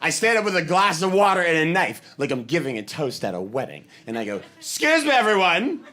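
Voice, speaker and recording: A man's voice: a little high, fast talker. A young adult man from Boston with a Boston accent doing a stand-up comedy set, telling stories animatedly on stage and acting out other people's lines. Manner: animated storytelling, acting out voices. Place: comedy stage before a live audience.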